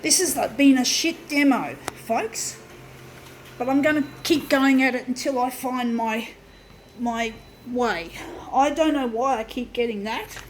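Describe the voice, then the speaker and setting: On a sweltering day, a woman vlogger narrates her own craft demo, sweating, shaking and venting frustration to the folks watching, swearing freely as she talks herself through setbacks. Her somewhat high voice moves at a measured pace, with faint background noise on a low-quality recording.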